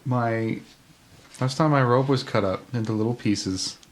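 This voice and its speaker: A man playing a tabletop game, chatting in a lively, animated way. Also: mid-range voice, a little slow, slight background noise. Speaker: player.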